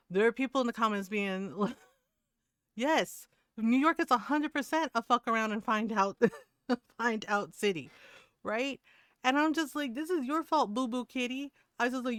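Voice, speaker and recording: Clear-voiced woman swearing through a story. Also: mid-range voice, no echo, clean studio sound. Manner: profane, animated storytelling with frequent laughs. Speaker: streamer. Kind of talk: casual chat.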